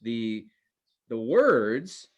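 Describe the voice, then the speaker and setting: A man teaching an informal class in a relaxed, conversational way, with many fillers and restarts and an earnest, cautionary tone. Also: medium pitch, drawn-out words, dull audio.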